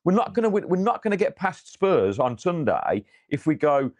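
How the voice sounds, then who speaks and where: A man co-hosting a football fan podcast, talking in a sweary, animated way with frequent restarts. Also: a little high, normal speed. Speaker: podcast co-host. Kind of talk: casual football podcast chat.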